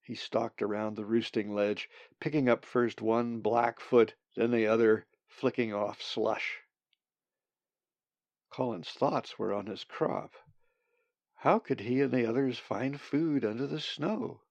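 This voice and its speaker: A man narrating a story in a calm, measured way. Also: mid-range voice, dry recording, dull audio. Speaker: audiobook narrator. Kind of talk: scripted narration.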